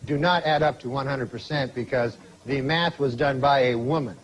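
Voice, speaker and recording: A man doing a deadpan stand-up roast set on stage. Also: medium pitch. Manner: deadpan, dry delivery with pauses. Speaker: comedian on stage. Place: stage before a live audience. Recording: loud live audience and room noise.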